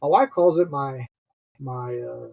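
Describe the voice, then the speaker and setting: This podcast guest, a middle-aged Southern man from the Gulf Coast, talks loosely with plenty of cursing and laughter. His gravelly, medium-pitched voice runs a little slow, and the sound is dull.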